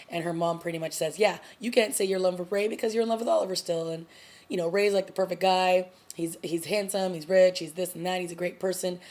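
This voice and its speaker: A young adult woman casually recapping and reviewing a TV episode in a chatty way, full of fillers like "like" and "you know.". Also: lowish voice. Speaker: TV review vlogger.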